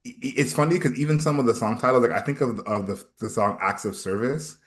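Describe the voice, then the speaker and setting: A man's voice: medium pitch, quick pace. A man co-hosting an album review show, talking enthusiastically and repeating words as he builds his points. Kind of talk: casual music review chat.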